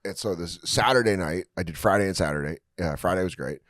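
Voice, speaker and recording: A man's voice: low voice, fast talker, no echo, clean studio sound. A man, a comedian guest on a podcast, telling road stories in casual chat and acting out hecklers' voices. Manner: animated, acts out hecklers' voices.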